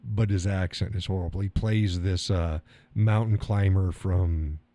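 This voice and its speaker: Deep and dark, with a steady tone and measured pace, a man's voice comes through with no room sound. He's a middle-aged live-stream host casually going over viewer comments, rambling, swearing offhandedly, and often chuckling.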